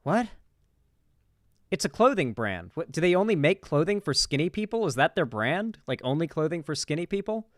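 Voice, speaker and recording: A man's voice: fairly high pitch, very animated, normal speed, dry recording, studio quality. A man giving casual reaction commentary on a clip, talking in a loose, profane and incredulous way. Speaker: political commentary streamer.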